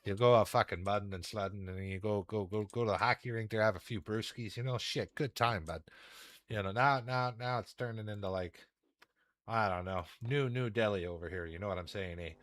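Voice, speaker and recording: A rambling man streaming a game, full of slang and swearing. His voice sits low, and the sound is close and dry with no room around it. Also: fairly quick, a bit bright, dry recording. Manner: rambling, profane, folksy slang. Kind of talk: casual gaming stream chat.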